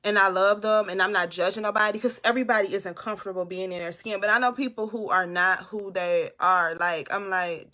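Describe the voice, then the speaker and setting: Loud, bright-voiced woman giving a pep talk. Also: fairly low pitch, fairly quick. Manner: loud, animated, talks straight to viewers. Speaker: motivational live streamer. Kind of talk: casual live-stream pep talk. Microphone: phone or webcam.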